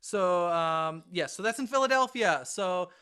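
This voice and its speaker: A man co-hosting a podcast in casual chat, chatty and excitable, with frequent laughs and quick asides. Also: sits high, clean tone. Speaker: podcast co-host.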